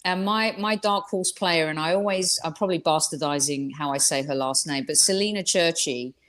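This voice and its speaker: A woman's voice: deep voice, normal speed, a bit bright. A woman giving football predictions as a guest on a video call, thoughtful and hesitant with fillers. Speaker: guest pundit. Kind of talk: casual football chat.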